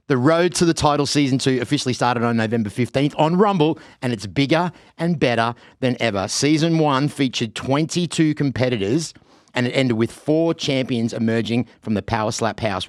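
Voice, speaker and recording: A man with an Australian accent hosting an interview podcast, energetic and laughing often. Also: on the high side, no echo, studio quality. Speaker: podcast host. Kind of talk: casual interview.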